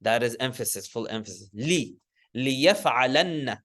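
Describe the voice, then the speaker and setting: This classroom lesson features a man with a mid-range, fairly bright voice who explains Arabic grammar at a measured pace, step by step. Self-corrections are frequent, and he chants word forms for the class to repeat.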